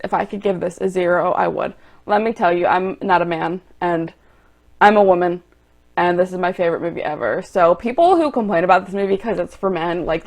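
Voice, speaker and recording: Young female vlogger, exasperated ranter, talks to camera. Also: mid-range voice. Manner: exasperated, ranting, goes loud and quick when annoyed. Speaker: movie vlogger. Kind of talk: reacting to online reviews.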